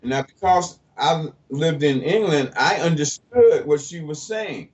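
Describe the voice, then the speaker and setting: A man's voice: a little high, lively intonation, unhurried, darkish tone. A man guest telling his story in an interview, blunt and plainspoken. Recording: distant, dull lo-fi mic.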